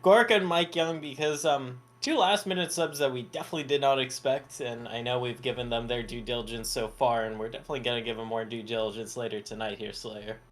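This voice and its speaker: A male esports analyst giving relaxed, casual predictions. He chuckles often and pads his talk with fillers. His voice sits at an ordinary middle pitch. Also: fast talker, few pauses. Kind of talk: live esports desk talk.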